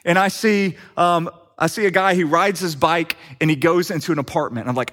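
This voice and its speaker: A middle-aged man preaching, telling a personal story with lively acted-out dialogue. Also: high voice, fairly quick. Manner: animated storyteller acting out quoted dialogue. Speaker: pastor. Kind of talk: sermon storytelling.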